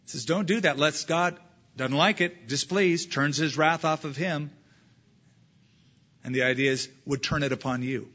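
A man's voice: medium pitch, bright, forceful tone, highs cut off. A man pastor preaching a sermon, reading scripture aloud with emphatic delivery.

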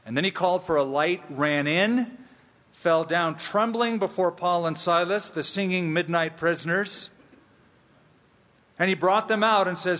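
A man preaching from the pulpit at an unhurried, deliberate pace, his fairly high voice trailing off into the long echo of a big church sanctuary. He leans hard on repeated phrases and slips in dry humor between points. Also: lively intonation, fairly bright tone. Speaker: pastor. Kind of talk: sermon. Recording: long reverb of a large hall.

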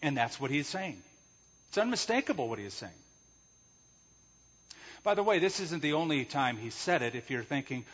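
A man's voice: a little high, very animated, moderate pace, pauses often, fairly bright tone, slightly rough. A male pastor preaching an emphatic sermon, explaining Greek words and posing rhetorical questions. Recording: echoey hall, dull lo-fi sound.

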